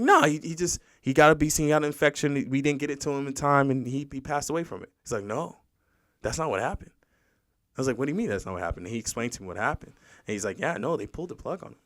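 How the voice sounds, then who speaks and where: A man's voice: medium pitch, fairly bright tone, no echo, clean studio sound. A man hosting a casual podcast conversation, telling a story with many restarts and quoting other people's voices as he goes. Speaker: podcast host.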